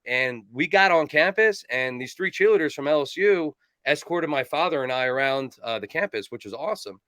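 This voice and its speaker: A man in his forties from New Jersey, a kicking coach telling stories as a guest in a casual interview, rambling and animated with lots of fillers. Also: on the high side, moderate pace, dry recording.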